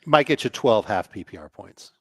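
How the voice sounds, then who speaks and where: Low-voiced guy on a podcast panel, really animated, quick asides, dry sound. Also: breathy edge, dry recording. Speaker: panel analyst. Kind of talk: casual podcast panel chat.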